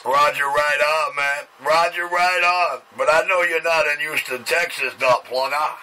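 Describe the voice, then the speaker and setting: A man's voice: a little high, steady tone, measured pace, sharp tone, rough recording. A man, a CB radio repair tech, trading brash banter on the air. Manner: brash, cocky trash talk. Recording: static-heavy CB radio transmission.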